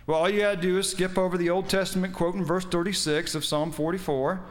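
High-voiced preaching man. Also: little pitch movement, fast talker. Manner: emphatic preaching, quotes scripture, asks the congregation questions. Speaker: pastor. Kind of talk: sermon.

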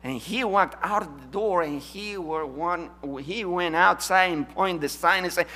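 A man preaching a sermon, emphatic, swinging from loud declarations to hushed asides. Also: a little high, moderate pace, few pauses, a little hiss or hum.

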